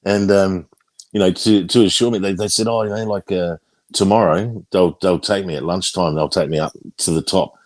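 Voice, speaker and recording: Casting note: very deep male voice, dry close sound, loose rambling anecdote with fillers and swearing. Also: steady tone, moderate pace, darkish tone, no echo. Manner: rambling storyteller, swears casually. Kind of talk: casual chat.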